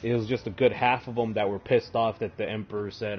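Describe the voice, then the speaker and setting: A man's voice: on the low side, steady tone, normal speed, muffled recording, slight background noise. A man casually retelling game lore, profane and full of fillers, while he plays. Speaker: streamer.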